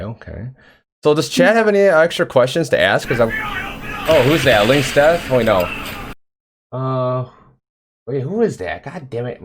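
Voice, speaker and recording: A man hosts a casual livestream interview with a very animated, swooping voice. He swears freely and breaks off to read out chat messages and thank viewers. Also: medium pitch, a little hiss or hum. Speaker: stream interview host.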